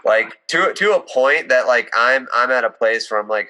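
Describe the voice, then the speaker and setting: A young man guesting on a comedy podcast, riffing dryly with halting restarts. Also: medium pitch, lively intonation, sharp tone, low-quality recording. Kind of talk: casual comedic banter.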